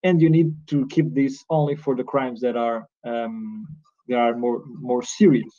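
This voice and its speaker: A man's voice: mid-range voice, flat delivery, a little slow. A man from Portugal with a Portuguese accent, giving an earnest, explanatory conference lecture as a lecturer. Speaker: lecturer on cybercrime law. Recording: dull lo-fi recording.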